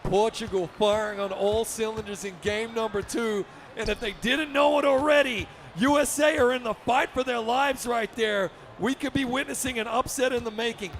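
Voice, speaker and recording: High-voiced energetic play-by-play man. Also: normal speed, slight background noise. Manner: energetic, upbeat, frequent shouted calls. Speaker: esports commentator. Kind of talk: live basketball video game play-by-play.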